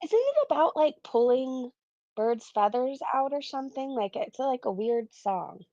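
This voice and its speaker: Woman on a livestream, gravelly fry in her voice, rambly chatty stories, dry dull lo-fi sound. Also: high voice, animated, unhurried, warm tone, dry recording. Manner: rambling storytelling, laughs often. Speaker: livestream co-host. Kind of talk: casual livestream chat.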